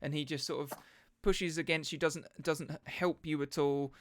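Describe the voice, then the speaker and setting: A man narrating as dungeon master in an animated, laughing way, often searching for words. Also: a little high, moderate pace, a little hiss or hum. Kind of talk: narrating a tabletop game.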